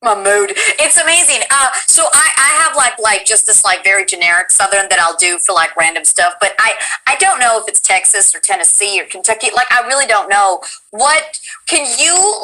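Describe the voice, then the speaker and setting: A woman hosting a casual interview, asking quick, playful, curious questions. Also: medium pitch, bright, forceful tone, rough recording.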